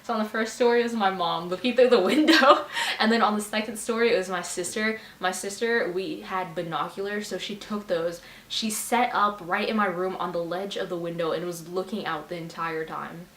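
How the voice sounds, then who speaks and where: A woman's voice: medium pitch, a little fast, a bit bright. Chatty young woman in her 20s, playful and laughy, far from the mic with faint hiss. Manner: chatty and giggly, playful teasing. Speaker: vlogger. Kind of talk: casual storytime chat. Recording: roomy sound, distant mic, faint hiss.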